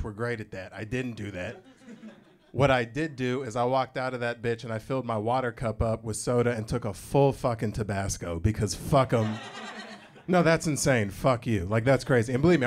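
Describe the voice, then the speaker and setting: A young man from Arizona doing a crude, conversational stand-up set on a comedy club stage, with the audience laughing. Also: on the low side. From Phoenix, Arizona. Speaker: stand-up comic.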